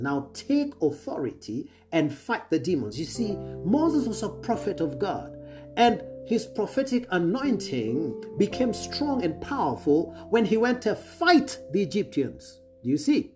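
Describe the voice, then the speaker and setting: A man preaching with a lively, swinging delivery that rises and drops sharply. He hammers key phrases again and again and keeps checking that the listeners follow. Clear guitar music plays behind him. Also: sits high. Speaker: preacher, apostle. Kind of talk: sermon to an online audience.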